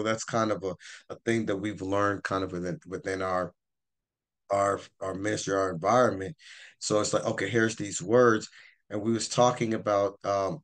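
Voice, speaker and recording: A man giving an informal Bible teaching, rambling and repeating words, his voice worn. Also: fairly low pitch. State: losing his voice.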